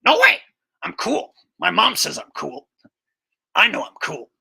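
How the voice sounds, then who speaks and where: A man voicing a dim-witted teenage cartoon boy who brags and whines in a gravelly, nasal voice. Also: sits high, big pitch swings, a little slow, sharp tone, pitched above the performer's own voice, full character voice. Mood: defensive. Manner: boastful and whiny.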